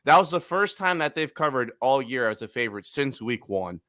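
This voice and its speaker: A man's voice: medium pitch, expressive, a little fast, sharp tone, no echo, clean studio sound. A brash man hosting a casual football betting chat, swearing and trash-talking teams. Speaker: sports betting podcast host.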